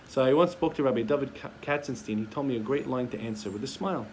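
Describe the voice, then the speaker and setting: A man's voice: medium pitch, fast talker, few pauses, a little mellow, a little hiss or hum. A man giving a sermon as a rabbi, telling stories and acting out the voices of parents and children. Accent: Sephardic-community American English.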